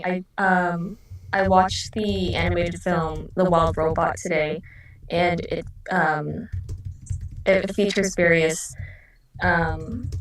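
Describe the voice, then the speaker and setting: A woman's voice: fairly low pitch, a little hiss or hum. A woman chatting in a group meeting, hesitant and full of fillers. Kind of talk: casual chat. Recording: echoey room, distant mic.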